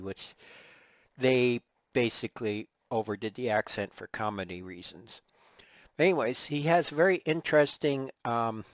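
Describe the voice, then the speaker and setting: A man's voice: medium pitch, dry recording. A man from Canada hosting a scale-modeling channel, chatting casually with ums and restarts. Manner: unhurried, halting, with ums and restarts. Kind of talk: casual chat.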